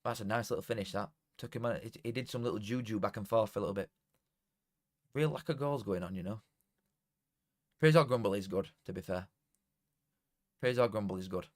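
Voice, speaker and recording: A man's voice: on the low side, fairly quick, pauses often. A young man with a Yorkshire accent chatting casually and swearing freely while he hosts a live football watchalong from home. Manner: excitable, swears freely, bursts into shouting at goals. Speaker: streamer hosting a football watchalong. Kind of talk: casual live stream commentary.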